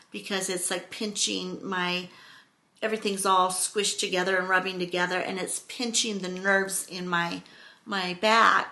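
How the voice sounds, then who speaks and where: A middle-aged woman telling a story to her camera in an unhurried, drawn-out way, rambling and expressive. Her voice is bright and forward. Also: medium pitch. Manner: rambling, expressive, acts out quotes with exclamations. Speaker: vlogger.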